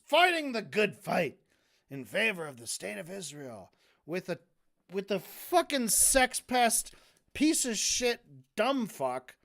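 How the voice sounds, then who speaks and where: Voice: mid-range voice, fairly bright tone. A streamer ranting through a debate recap, swearing often, sarcastic, heated and sometimes tripping over repeated words. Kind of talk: casual ranting commentary.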